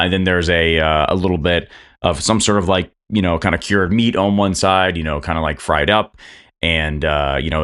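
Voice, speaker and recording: A man's voice: extremely low pitch, fairly bright tone. A man narrating a tabletop game as game master, rambling through scene description with many fillers.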